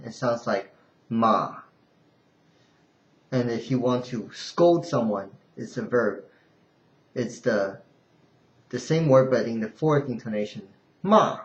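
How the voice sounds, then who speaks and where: A man gives an unscripted language lesson at an unhurried pace, pausing often and restarting his sentences. He draws out sample syllables in exaggerated sing-song tones. The recording is roomy and slightly muffled. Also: medium pitch, darkish tone. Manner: halting, with many fillers and restarts, sings out tone examples. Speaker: Mandarin teacher. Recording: roomy, dull lo-fi home recording.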